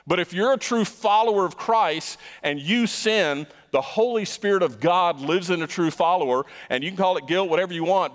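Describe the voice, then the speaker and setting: A man's voice: a little high, big-room sound. A man preaching a sermon as pastor, emphatic and stressing points by repeating words.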